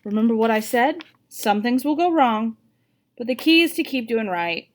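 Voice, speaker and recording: A woman voicing a sharp-tongued, loving mother who scolds with sarcasm, in a storybook reading. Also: a little high, animated, normal speed, pitched above the performer's own voice, lightly acted. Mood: gentle.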